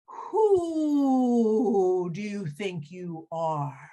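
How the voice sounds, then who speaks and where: Children's story: woman puts on a big commanding owl who hoots slowly. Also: mid-range voice, lively intonation, dark tone. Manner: hooting, slow and deliberate. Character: wise, commanding great horned owl, male.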